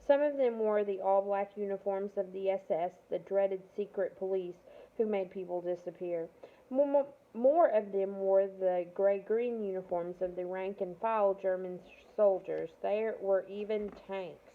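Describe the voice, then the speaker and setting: A woman's voice: mid-range voice, unhurried. Woman reading a novel aloud, self-correcting stumbles, tinny phone-like recording. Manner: stumbles and corrects herself mid-sentence. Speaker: reader of a novel.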